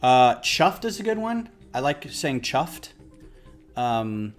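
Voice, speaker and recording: A man's voice: medium pitch, big pitch swings, takes it slowly, faint music behind. A man chatting casually on a livestream while he builds, rambling and self-deprecating. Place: home office.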